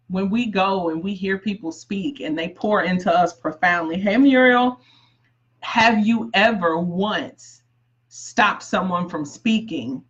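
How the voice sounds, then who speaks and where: A woman's voice: lowish voice, takes it slowly, muffled recording. A woman book coach giving an emphatic live-streamed coaching talk, repeating key phrases and greeting viewers by name.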